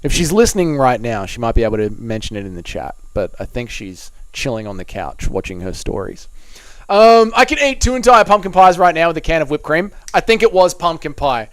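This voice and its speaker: A man's voice: fairly high pitch, big pitch swings, brisk, fairly bright tone, no room sound. A young Australian man reading out and answering chat messages on a live stream, swearing and bantering in a blokey way.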